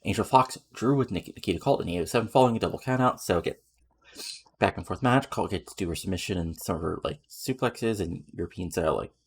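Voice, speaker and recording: A man's voice: low-pitched, fast, creaky, breathy edge. A man giving casual, rambling commentary on a game he is playing, with lots of fillers. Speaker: let's play commentator.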